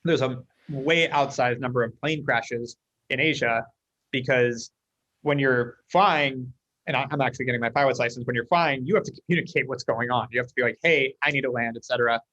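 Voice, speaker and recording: Fast-talking man, dull lo-fi sound. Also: medium pitch, dry recording. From United States. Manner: fast, animated storyteller acting out dialogue. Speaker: guest, company leader. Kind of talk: casual interview talk.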